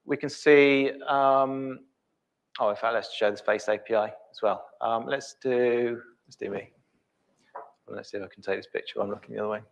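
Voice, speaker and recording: Middle-aged guy walking thru a live demo, lots of ums, mid-pitched ordinary voice. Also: steady tone, vocal fry. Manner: halting, thinking aloud with many ums. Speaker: presenter.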